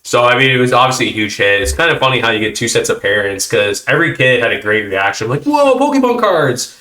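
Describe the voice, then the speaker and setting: A man hosting a casual chat, telling stories with animated voices for the people in them. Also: lowish voice, fast, roomy sound. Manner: animated storytelling, acting out kids' reactions. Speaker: host.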